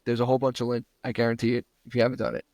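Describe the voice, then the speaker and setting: A man's voice: medium pitch, completely flat delivery, racing, no room sound. A young adult man co-hosting a podcast, telling a home repair story in casual, profane chat and acting out what others said. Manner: profane storytelling with acted-out quotes; rants loudly when worked up. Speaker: podcast co-host.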